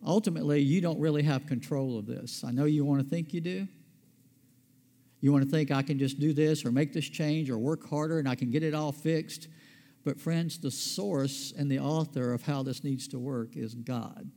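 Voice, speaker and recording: A man with a fairly high voice preaches a sermon, talking to his congregation conversationally and tossing out questions he answers himself. His words ring out with the long reverb of a large hall. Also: steady tone, moderate pace, warm tone. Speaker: pastor.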